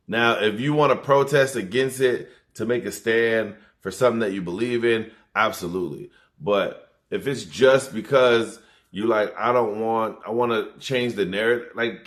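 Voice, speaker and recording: A man's voice: lowish voice, fairly bright tone. A man doing a casual comedic rant, rambling and loose, swearing freely and breaking into little laughs.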